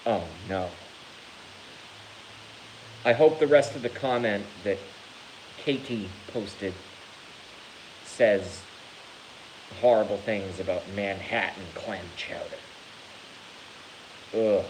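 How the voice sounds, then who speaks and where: A man vlogging to his channel in a casual rant, animated and theatrical, swearing freely. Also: lowish voice, slow, long pauses, a little hiss or hum, low-quality recording. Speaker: YouTube vlogger.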